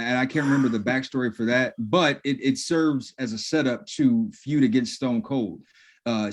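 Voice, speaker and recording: A man co-hosting a podcast, chatting loosely and telling stories with a lot of swearing. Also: medium pitch. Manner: loose, profane storytelling, acts out quotes. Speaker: podcast co-host. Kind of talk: casual chat.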